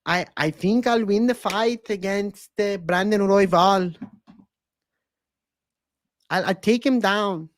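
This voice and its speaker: A man doing a soft-spoken earnest young fighter impression. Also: sits high, slow pace, pauses often, no room sound, studio quality, voice pushed up. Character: impression of a young male fighter, humble and dreamy.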